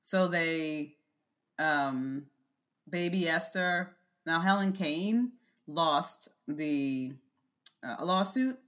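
Wry, low-voiced woman podcast co-host. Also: very slow, long pauses, fairly bright tone. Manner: wry, storytelling, laughs while talking. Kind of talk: casual chat.

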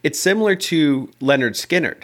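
A man's voice: on the high side, lively intonation, normal speed. A man co-hosting a casual podcast chat, dry and wry, feigning disbelief. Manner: dry, wry, mock-incredulous. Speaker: podcast co-host.

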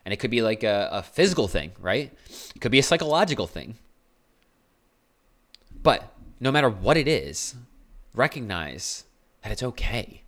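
This young man's voice is on the low side and fairly bright, with a sing-song lilt, normal speed and frequent pauses. Hosting a podcast, he gives a casual motivational monologue that is blunt and earnest, in a tone he himself calls aggressive.

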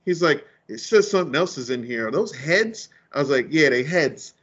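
A man with a slightly husky voice, somewhat higher than most, swinging his pitch widely as he replays a story. He talks in heavy slang and curses freely, in a casual podcast chat. The recording is dull and lo-fi. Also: moderate pace. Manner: animated storyteller acting out dialogue, heavy slang and cursing. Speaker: podcast co-host.

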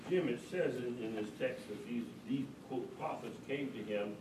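A man's voice: medium pitch, normal speed, a little mellow. Distant man asking a question in class. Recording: distant roomy pickup with noise.

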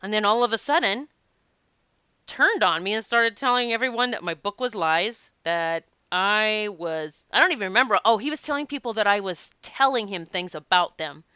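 A woman who works as a past life regression practitioner, talking casually to her audience and telling stories in an animated, emphatic way. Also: medium pitch, moderate pace, clean tone, no room sound. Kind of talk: casual spoken talk to an audience.

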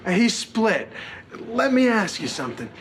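A woman's voice: medium pitch, very animated, a little slow. An actress playing a blunt woman in a sitcom scene, waiting for her ride. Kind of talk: sitcom acting.

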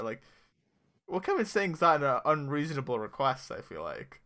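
Bright-voiced man chatting and laughing. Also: medium pitch, sing-song, normal speed. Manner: chatty and musing, laughs often, many fillers. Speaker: podcast co-host. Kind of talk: casual chat.

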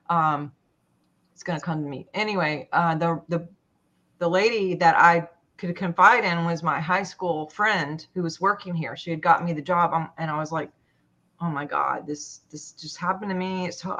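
A woman with a slightly low voice tells her own story in a group talk. She hesitates a lot and restarts her sentences, and the sound is dull and lo-fi. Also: a bit bright. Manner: halting, full of fillers and restarts. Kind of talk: personal story in a discussion.

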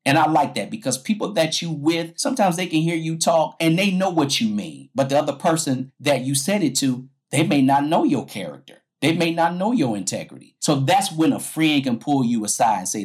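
A man hosting a podcast in a sermon-like style, speaking emphatically, slowing down and repeating his key points. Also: a little high, animated. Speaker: podcast host, preacher.

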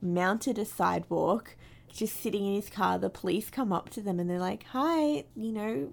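A woman's voice: mid-range voice, normal speed, gravelly. An Australian woman co-hosting a podcast, chatting casually and bubbly as she quotes internet clips. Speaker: podcast co-host. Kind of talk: casual chat.

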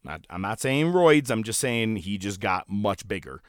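A man co-hosting a casual wrestling recap podcast, animated and laughing, acting out quotes as he talks. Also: fairly low pitch, normal speed, clear, resonant tone, no echo, studio quality. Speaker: podcast co-host.

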